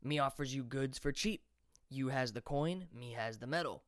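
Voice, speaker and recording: A man's voice: mid-range voice, moderate pace, dry recording, studio quality, lightly acted. A man voicing a shifty, toothless male merchant who talks in broken grammar and pushes his cheap goods. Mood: wheedling. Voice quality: broken grammar, pushy sales patter.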